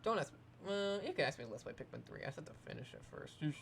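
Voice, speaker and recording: A woman's voice: low-pitched, big pitch swings, racing, few pauses, a little hiss or hum. A woman hosting a Let's Play, chatting and joking through video game commentary with a sarcastic streak.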